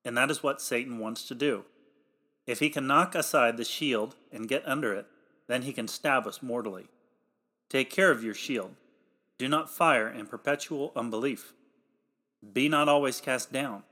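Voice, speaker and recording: A man delivering a read sermon in old-fashioned, formal pulpit language, emphatic and growing louder on the exhortations. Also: mid-range voice, moderate pace. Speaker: preacher.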